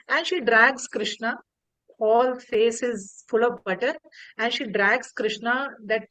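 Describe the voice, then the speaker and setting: A woman's voice: on the high side, slow pace, no echo, rough recording. Woman telling a devotional story. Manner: animated, acting out characters' lines. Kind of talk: devotional story talk on a video call.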